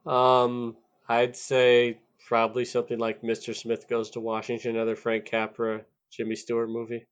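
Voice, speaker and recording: A man's voice: medium pitch, completely flat delivery, normal speed, clear, resonant tone. A man from Iowa co-hosting a movie podcast, answering in short, dry quips. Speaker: podcast co-host. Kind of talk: casual movie chat.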